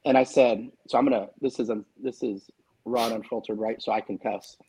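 A man's voice: medium pitch, fairly even intonation, a little fast, dark tone, a little hiss or hum, rough recording. A man in his forties talking candidly and emphatically in a casual panel chat, swearing freely as a guest author. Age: 40s.

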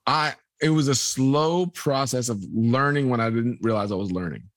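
A man's voice: mid-range voice, moderate pace, no echo. A man, a guest telling a long personal story and acting out the people in it. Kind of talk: storytelling in a podcast conversation.

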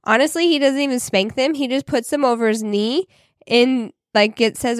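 A woman's voice: fairly high pitch, animated, moderate pace, no room sound, clean studio sound. A woman co-hosting a podcast, talking in casual chat with many fillers. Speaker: podcast co-host.

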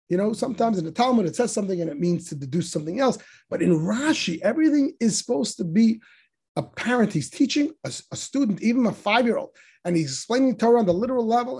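Husky-voiced man teaching with emphasis. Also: high voice, a little mellow. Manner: emphatic, rhetorical questions, voice rising on quotes. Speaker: Torah teacher. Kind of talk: text study lecture.

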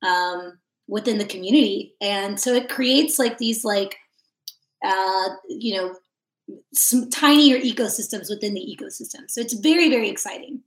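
A woman's voice: medium pitch, moderate pace. A woman joins a casual podcast chat, speaking enthusiastically and leaning on fillers. Her voice comes through with a roomy echo around it. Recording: echoey room.

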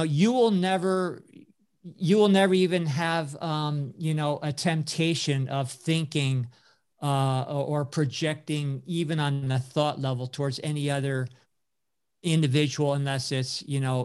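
A man, older, telling a story in a casual talk, rambling with many fillers and restarts. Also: fairly high pitch.

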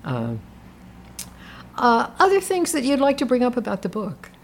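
A woman hosting a casual book discussion, speaking hesitantly with many pauses and fillers. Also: on the high side, wildly swooping pitch, slight background noise. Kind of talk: casual book club chat.

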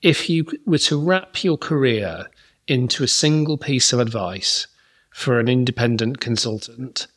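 A man's voice: medium pitch, a little slow, fairly bright tone. Chatty man hosting a podcast. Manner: thoughtful, many fillers and restarts. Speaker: podcast host. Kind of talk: conversational interview and wrap-up.

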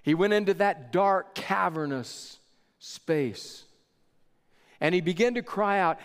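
Male preacher, slow measured sermon, dramatic pauses, fairly high voice, long hall reverb. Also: smooth.

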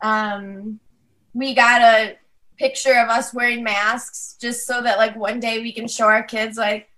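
A woman co-owner of a bakery, chatting as a podcast guest over a video call, bubbly and laughing often as she tells quick stories. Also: fairly high pitch, little pitch movement, sharp tone. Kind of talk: casual podcast chat. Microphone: video call mic.

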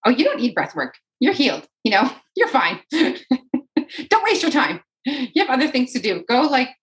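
A woman's voice: sits high, big pitch swings, normal speed, a bit bright, pitched above the performer's own voice. A woman voicing the lazy inner voice that talks people out of healthy habits, breezy and dismissive. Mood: coaxing. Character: coaxing lazy inner voice, female.

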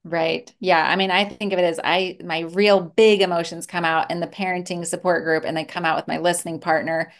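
Middle-aged woman guest, low gravelly voice, candid and reflective. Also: level tone, fairly quick, few pauses. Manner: candid and reflective, with many restarts. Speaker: guest, therapist and mother. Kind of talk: casual conversational interview.

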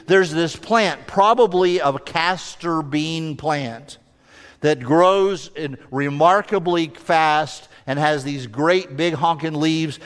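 A man preaching from a pulpit, spinning everyday stories with humor and lively turns. His voice sits a little high for a man, and a long hall reverb trails behind his words. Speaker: pastor. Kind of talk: sermon.

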